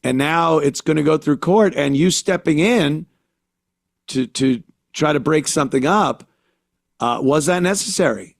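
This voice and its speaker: A man's voice: fairly high pitch, unhurried, gravelly, no room sound, studio quality. An older man hosting a show, delivering a blunt, profane, opinionated commentary monologue. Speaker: podcast host.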